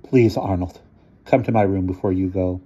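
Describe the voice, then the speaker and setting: A man's voice: deep voice, steady tone, moderate pace, mellow, husky, muffled recording. A man reading aloud and voicing a stiff, proper older society woman in prim, formal speech. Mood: gentle.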